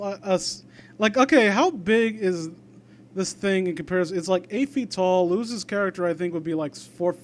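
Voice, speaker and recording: A man's voice: high voice, a little mellow. A young man reading fan fiction aloud and breaking off into rambling, sarcastic commentary. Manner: rambling, sarcastic asides, trails off.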